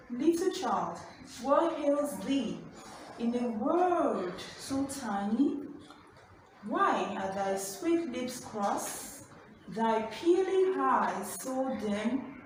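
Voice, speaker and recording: A woman teaches a literature class at a slow, careful pace, repeating key points and asking the class questions. Her voice sits a little high. She is recorded from some way off in a very echoey room, with clear steady noise behind her. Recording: distant mic in an echoey room with background noise.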